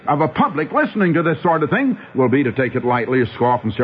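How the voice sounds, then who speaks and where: A man preaching a radio sermon, urgent and pleading, calling his listeners "my friends" and drawing out key phrases with big swings in pitch. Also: lively intonation, quick pace, few pauses. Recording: tinny phone-like old radio broadcast with faint hiss.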